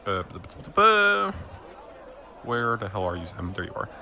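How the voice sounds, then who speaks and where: Casual game master, low voice, rambling and improvised, faint background noise. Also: male voice, sing-song, takes it slowly, pushed and bright, some chatter behind. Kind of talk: narrating a tabletop game.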